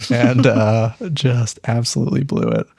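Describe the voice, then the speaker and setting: A male podcast co-host who narrates a tabletop game and trades jokes with the others. His pitch sits in the middle and he speaks in a loose, teasing manner. The recording is dry and close to the mic. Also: steady tone, normal speed, creaky, darkish tone, no echo. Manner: jokey, mock-outraged.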